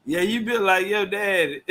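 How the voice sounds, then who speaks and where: A man's voice: high voice, fairly bright tone. A man doing loose, profane live commentary, heckling and laughing in heavy slang. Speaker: livestream commentator. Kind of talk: crude casual live commentary.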